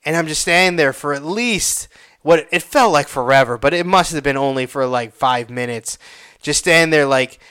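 Young man, clear crisp voice, profane rambling storyteller. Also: fairly high pitch, normal speed, pushed and bright. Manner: profane, rambling, reenacts his own pained outbursts. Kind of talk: casual personal story.

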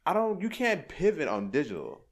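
A young man, a podcast guest, talking in an animated, rambling way with many restarts. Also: on the high side, fairly quick. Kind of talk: casual chat.

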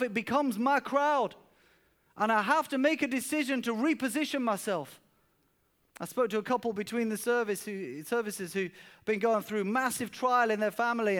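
A man's voice: high voice, a bit bright. A man preaching a sermon at a church service, telling stories earnestly and often repeating words as he goes. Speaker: pastor.

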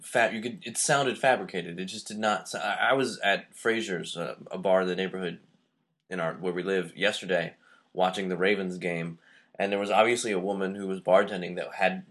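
An American man co-hosting a podcast, talking casually about a film in a relaxed, loose way. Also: deep voice, brisk. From United States. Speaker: podcast co-host.

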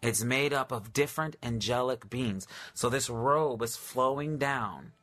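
A man preaching a live-streamed sermon, reading scripture aloud in a fervent, drawn-out way and often repeating his phrases. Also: medium pitch, a bit bright.

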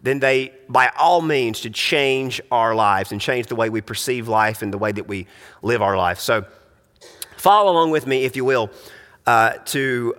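A man's voice: mid-range voice, fairly bright tone, long reverb tail. A man preaching a sermon in an earnest, emphatic way, often restarting his sentences. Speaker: pastor.

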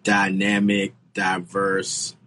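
A man co-hosting a comedy podcast, telling casual stories in an animated way, jumping into high exclamations. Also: extremely slow, a little hiss or hum. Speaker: podcast co-host.

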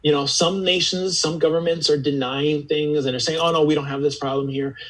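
Earnest, husky-voiced reflective man. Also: fairly high pitch, steady tone, fairly quick, fairly bright tone, rough recording. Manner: earnest, searching, repeats words as he gathers thoughts. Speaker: podcast guest. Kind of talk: reflective conversational interview.

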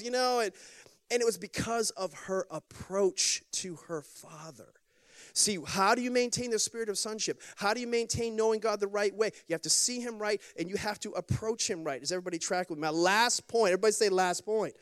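A man's voice: high voice, fairly quick. A man preaching a sermon as a pastor in a church, talking in a conversational storytelling way, with lots of repetition and calls for the congregation to respond.

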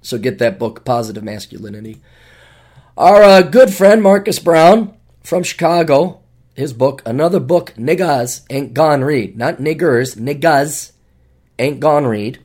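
Man, middle-aged, podcast host, solo monologue, sarcastic, rambling, sudden high emphasis. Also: animated, unhurried, a little mellow. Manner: sarcastic, rambling, with big pitch jumps for emphasis.

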